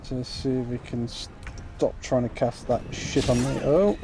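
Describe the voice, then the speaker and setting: A man's voice: mid-range voice, fairly even intonation, measured pace, noisy background. A man in casual gameplay chat, explaining his moves and swearing now and then. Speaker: game player.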